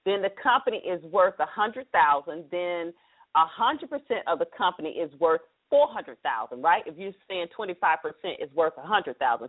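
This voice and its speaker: A middle-aged woman hosting a live talk radio show, upbeat and chatty as she promotes the show and explains business math. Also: lowish voice. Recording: phone-like narrow band radio audio.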